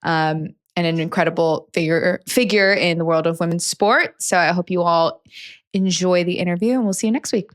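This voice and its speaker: Giggly, excitable woman podcast co-host. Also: lowish voice, normal speed. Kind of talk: casual chat.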